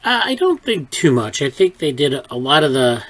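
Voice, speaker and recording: A man's voice: a little high, big pitch swings, normal speed, a bit bright, rough recording. A man leading a research group, talking in a loose, rambling way with many fillers and restarts over a video call. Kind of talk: casual meeting chat. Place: online video meeting.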